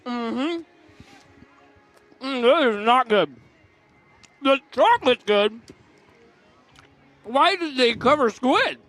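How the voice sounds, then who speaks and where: A young man co-commentating a baseball broadcast in casual banter, talking slowly while chewing food. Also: very high-pitched, animated, a bit bright, no room sound, soft background music.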